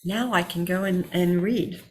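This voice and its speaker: A woman's voice: lowish voice, a little slow. A woman leading an online spiritual healing circle, encouraging and affirming, repeating key phrases. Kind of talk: spiritual guidance talk. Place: home, online session.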